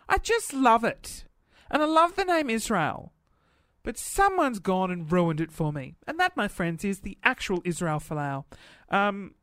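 A man's voice: very high voice, no echo, studio quality. Sarcastic man hosting a comedy podcast. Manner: sarcastic, animated, playful. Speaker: podcast host. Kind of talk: comedic monologue.

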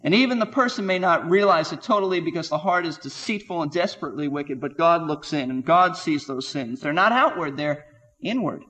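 Emphatic high-voiced male Bible teacher. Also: animated, brisk, bright, forceful tone, in a large hall. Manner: emphatic, rhetorical questions, quotes scripture with rising voice.

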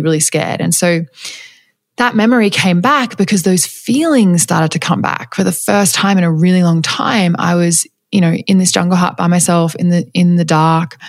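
Woman, storytelling, reflective, candid, lots of fillers, some vocal fry, dry close recording. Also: lowish voice, no room sound. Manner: laughs lightly mid-story. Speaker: storyteller sharing a personal spiritual experience. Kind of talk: casual personal storytelling.

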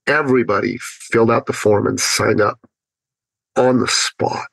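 A man telling a personal story as a guest on an interview podcast, acting out his own thoughts with animated pitch. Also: a little slow, creaky, no room sound, low-quality recording. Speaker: podcast guest, business speaker.

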